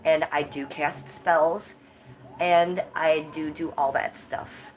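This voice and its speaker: A woman's voice: deep voice, steady tone, takes it slowly, slight background noise. A woman hosting a casual livestream, blunt and profane, her voice stuffed up from a cold, with coughs between her lines. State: congested and coughing. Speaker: livestream host.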